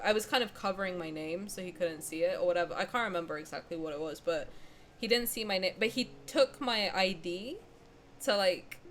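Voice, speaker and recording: With a lowish, slightly bright voice and a little hiss or hum in the recording, a young woman streamer spins out a long, casual personal tale. She wanders, leans heavily on fillers, and keeps restarting in the middle of sentences.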